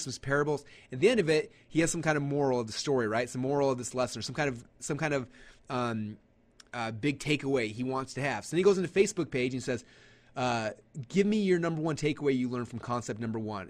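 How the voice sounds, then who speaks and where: Man, webinar presenter, fast and casual, with lots of "um"s, acting out quotes from his audience. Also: medium pitch. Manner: animated, acts out audience quotes, lots of fillers. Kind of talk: live webinar teaching.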